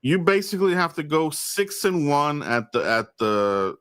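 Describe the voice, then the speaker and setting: A man's voice: fairly high pitch, sing-song, measured pace, fairly bright tone, clear, resonant tone, dry recording, clean studio sound. A man co-hosting a sports podcast, talking casually and restarting his sentences often. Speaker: podcast co-host.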